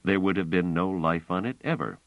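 A man voicing a persistent, probing man who questions in a measured way. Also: low-pitched, no echo. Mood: reasoning. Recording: slightly dull, dry audiobook recording.

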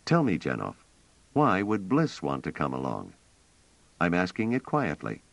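A man voicing a blunt, direct younger man who is impatient but trying to stay calm. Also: low voice, measured pace, gravelly, no room sound, exaggerated voice. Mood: wry. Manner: direct, terse.

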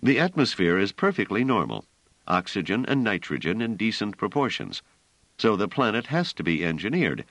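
A man's voice: sits low, sing-song, unhurried, fairly bright tone, dry recording, pitched above the performer's own voice, exaggerated voice. A man reading an audiobook, voicing a tense, short-tempered male pilot in a curt, irritable tone.

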